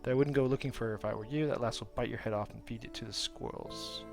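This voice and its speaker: A man doing a grumbling gnome guard, loud and blunt. He sounds gravelly and rough, and he chats on without pause. This is a video game character. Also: medium pitch, faint music behind, close to an everyday voice. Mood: gossipy. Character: gruff grumbling male gnome bridge guard.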